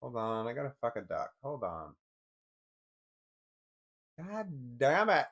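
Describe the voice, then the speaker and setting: A muffled recording captures a man vlogger speaking slowly at medium pitch, with huge pitch swings and a fairly bright tone. He fumbles with zooming a picture on his computer, rambling, cursing often, and muttering in frustration as he thinks aloud to viewers in casual screen-share commentary.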